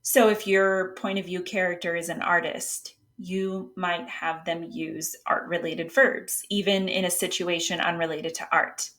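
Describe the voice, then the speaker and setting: A woman's voice: lowish voice, fairly even intonation, unhurried, hardly any pauses, fairly bright tone. A woman editor explaining writing technique in a casual, patient way, with occasional fillers and restarts. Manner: reads example passages aloud. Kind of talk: casual instructional talk.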